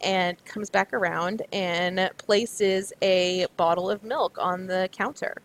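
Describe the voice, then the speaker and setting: A woman's voice: lowish voice, steady tone, takes it slowly, poor audio. A woman acting as game master, narrating a tabletop game in a chatty way with many fillers. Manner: chatty, full of fillers and restarts.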